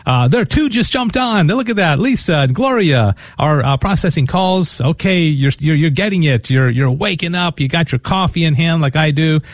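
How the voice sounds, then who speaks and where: A man's voice: on the high side, animated, moderate pace, hardly any pauses, no echo. A man hosting a radio fundraiser, talking casually and stumbling over repeated words as he makes his appeal. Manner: talkative, repeats words often. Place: radio studio.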